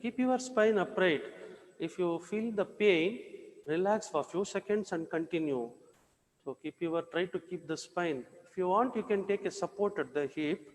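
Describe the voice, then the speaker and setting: A man, leading a yoga class with slow, repetitive cues for breathing and movement. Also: sits high. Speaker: yoga instructor. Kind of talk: guided yoga instruction. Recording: echoey room with long reverb.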